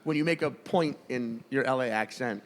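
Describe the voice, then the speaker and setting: A man's voice: medium pitch, normal speed, big-room sound. A man with a Southern US accent hosting a casual chat, rambling with frequent restarts and fillers. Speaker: podcast host.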